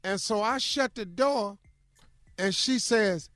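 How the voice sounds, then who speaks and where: An older male radio host in his sixties, telling a comic family story with animated delivery. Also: high voice, slow, no room sound. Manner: animated, shouts in acted quotes.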